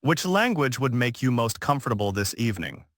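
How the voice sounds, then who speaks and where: Amelia, a poised young waitress who speaks seven languages, answers with gracious, firm composure, as a male narrator reads her part. Her voice stays medium-pitched and very dry, as if recorded with no room sound at all. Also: big pitch swings, a little fast, a bit bright, dry recording. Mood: calm. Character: highly educated multilingual waitress, a young woman.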